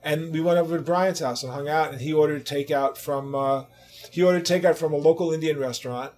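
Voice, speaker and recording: A man in his sixties with a voice pitched a little above the usual male range. He tells stories from the road in a lively, casual way, swearing freely and acting out the people he quotes. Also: fairly quick. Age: 60s. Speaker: interview guest, rock guitarist. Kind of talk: casual anecdote telling.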